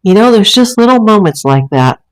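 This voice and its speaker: A woman's voice: mid-range voice, big pitch swings, a little fast, poor audio. A woman hosting a casual livestream from a room at home, talking in a rambling, chatty way with many fillers. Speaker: livestream host. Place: home room with a green screen and ring light.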